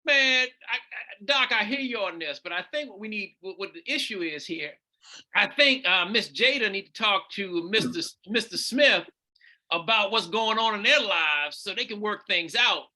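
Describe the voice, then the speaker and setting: A man's voice: high voice, expressive, sharp tone. A man on a podcast panel who jokes casually and restarts his sentences. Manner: joking, halting restarts. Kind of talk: casual chat.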